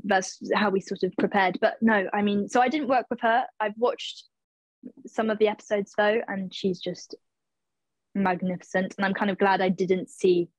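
A woman's voice: medium pitch, fairly even intonation, moderate pace, no room sound, low-quality recording. A woman in her twenties, an actress answering interview questions casually, hesitant, with many fillers and restarts as she searches for words. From England. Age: 20s.

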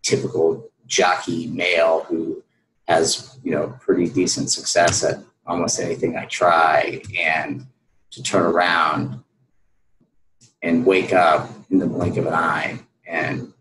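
Low, slow-talking man in an echoey room. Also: flat delivery, background noise. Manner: earnest storytelling, many fillers. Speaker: guest. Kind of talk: personal story in an interview.

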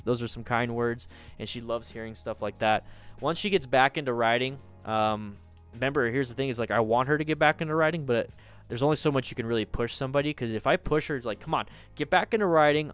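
A man's voice: medium pitch, fairly even intonation, a little fast, clean tone, faint music behind. A man in his thirties chatting casually from home as a livestream host, reading viewer comments, restarting and repeating himself.

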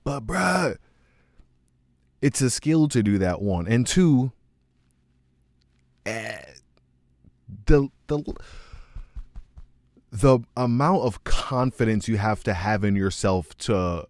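A man hosting a music reaction video, talking in an excitable, slangy way with frequent laughs. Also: on the low side, takes it slowly, pauses often, dry recording. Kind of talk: casual reaction commentary.

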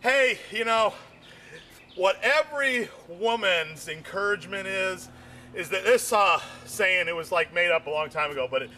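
High-voiced man rambling through stand-up. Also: normal speed, slight background noise. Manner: rambling and repetitive, with frequent "you know"; voice jumps high when excited. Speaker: stand-up comedian.

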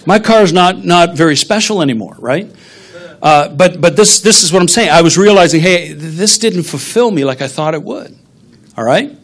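A man's voice: high-pitched, expressive, moderate pace. A middle-aged man, a pastor, preaching a sermon in a conversational, humorous storytelling manner.

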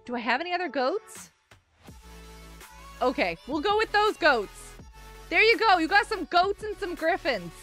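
Very high-voiced, bubbly woman streamer. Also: normal speed, pauses often, faint music behind. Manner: excitable, gushing thanks, frequent giggles. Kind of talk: casual live gaming stream chat.

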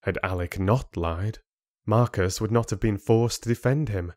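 A man narrating a fantasy audiobook in a measured, deliberate way. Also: fairly low pitch, darkish tone, no room sound, clean studio sound.

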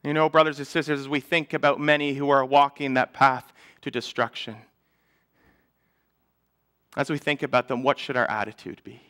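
A man, a pastor, preaching a sermon in a church, earnest, building up louder and then falling to a hush. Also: medium pitch, level tone, moderate pace.

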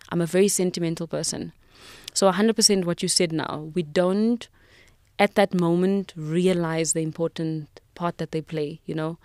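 A South African woman in her thirties with a lowish voice speaks as a podcast guest. She recounts a personal story with emotion and reflection, often restarting her sentences. The sound is dry and close to the mic. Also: steady tone, moderate pace, a little mellow, no echo.

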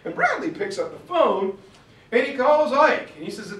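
A man giving an informal history lecture from a map, telling it as a story, acting out quotes and clearing his throat now and then. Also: extremely high pitch, very animated, normal speed, fairly bright tone, distant mic. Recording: roomy sound from off-mic.

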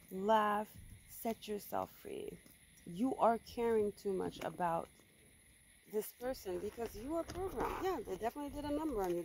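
A woman's voice: mid-range voice, darkish tone, poor audio. Tarot reader lady talking straight to viewers, blunt, swears a lot, faint hiss behind her. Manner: blunt, emphatic, swears freely. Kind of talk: casual tarot reading to camera.

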